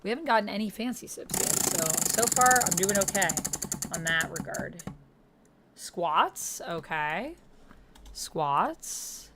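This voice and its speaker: A woman streamer chatting casually on a livestream, effusively thanking viewers with excited outbursts. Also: medium pitch, slow, background noise.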